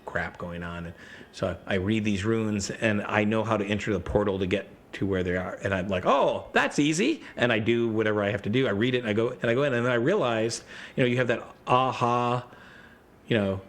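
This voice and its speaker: A man telling gaming stories in a casual chat, rambling and animated, often breaking into quoted voices. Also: on the low side, a little fast. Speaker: podcast guest.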